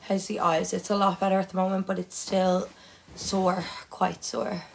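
A woman's voice: mid-range voice, flat delivery, moderate pace, creaky, a little hiss or hum. A young woman casually chatting to her viewers while she plays a game, swearing freely and shrieking when things go wrong. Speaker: livestreamer. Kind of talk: casual gaming livestream chat.

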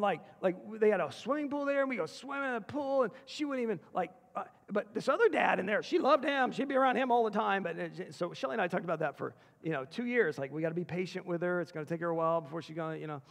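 A man speaking at a school chapel, telling personal stories in an earnest way that swings from hushed to excited. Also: sits high, quick pace, creaky, few pauses. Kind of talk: personal storytelling sermon. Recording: echoey hall.

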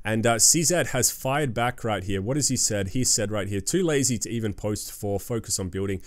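A man hosting a fast, emphatic crypto news commentary, with many fillers and asides to viewers. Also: fairly low pitch, dry recording, clean studio sound. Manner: emphatic, hype-driven, lots of fillers and "guys".

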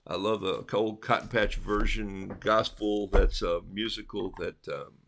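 A man telling a Bible story casually, in an animated way, acting out the quotes in different voices. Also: lowish voice, unhurried, a little hiss or hum.

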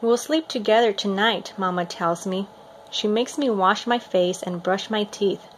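A woman reading a picture book aloud in a steady, expressive storytelling manner. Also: mid-range voice, unhurried, slight background noise. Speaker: reader.

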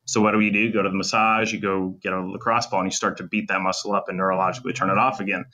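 This man's deep voice is bright and forceful with a flat delivery. Guesting on a podcast as a sports medicine doctor, he lectures rapidly and technically, explaining injuries and muscle function in detail with clinical language.

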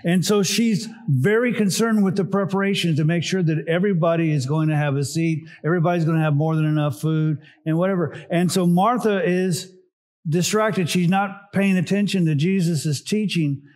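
A middle-aged man, a pastor, preaching a sermon in a relaxed teaching way with frequent "uh"s and side remarks. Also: sits high, normal speed. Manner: conversational teaching with asides and filler "uh"s.

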